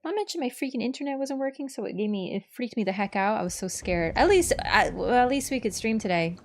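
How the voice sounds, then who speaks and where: A woman's voice: a little high, fast, a little hiss or hum. Chatty young woman streaming a game. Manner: chatty, rambling and excitable, with sudden swearing outbursts. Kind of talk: live gameplay commentary. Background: game music.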